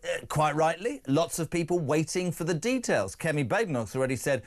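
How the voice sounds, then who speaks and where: Male phone-in host, high voice, brash and jokey, opinionated banter. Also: lively intonation, brisk, few pauses. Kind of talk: lively radio phone-in chat.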